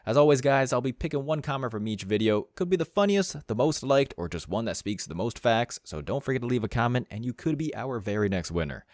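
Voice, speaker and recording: A man's voice: mid-range voice, lively intonation, fairly quick, few pauses, a little mellow, dry recording, clean studio sound. A man hosting a commentary channel, reading scripted narration in a blunt, mocking way.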